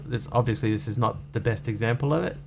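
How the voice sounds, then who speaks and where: A man's voice: medium pitch, quick pace, vocal fry. Guy streaming a game, chatty and rambly, thanking chat, mid voice, noisy mic. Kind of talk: casual live-stream chat while gaming.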